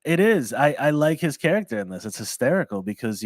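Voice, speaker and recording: A man's voice: medium pitch, sing-song, brisk, dry recording. A young man hosting a casual chat, rambling and repeating words. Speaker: podcast host.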